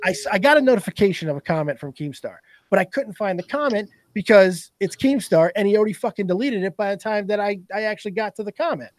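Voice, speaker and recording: A man in casual podcast chat, telling stories in a profane, animated way. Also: high voice, quick pace, few pauses, no echo. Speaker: podcast guest.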